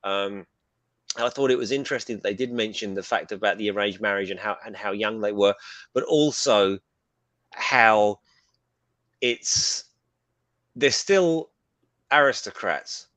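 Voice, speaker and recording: A man's voice: lowish voice, measured pace, long pauses, no echo. Rambling British man, dry sound. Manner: rambling, animated, casual swearing. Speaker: co-host. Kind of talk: casual pop culture chat.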